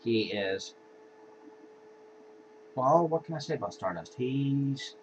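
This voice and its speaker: Slow, laid-back man with a dull lo-fi sound. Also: medium pitch, darkish tone. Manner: laid-back, offhand, sighing and yawning. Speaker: card game deck reviewer. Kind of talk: casual deck walkthrough. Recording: dull lo-fi home recording with faint hiss.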